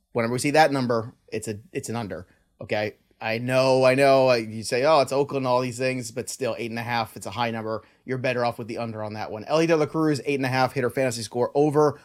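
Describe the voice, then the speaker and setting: A man hosting a sports podcast, casually running through stats and betting picks. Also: mid-range voice. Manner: quick run-through of stats, laughs easily. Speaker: podcast host.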